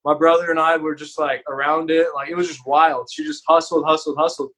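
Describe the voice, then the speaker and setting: High-voiced man telling a candid story. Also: little pitch movement, a little fast, pushed and bright. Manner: earnest, candid, sprinkles in "man" and "like". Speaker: podcast guest. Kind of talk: casual storytelling.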